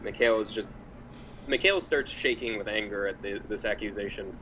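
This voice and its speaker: A man playing a tabletop game, describing his character's actions in a hesitant, halting way. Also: lowish voice, pushed and bright, slight background noise, rough recording. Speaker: player.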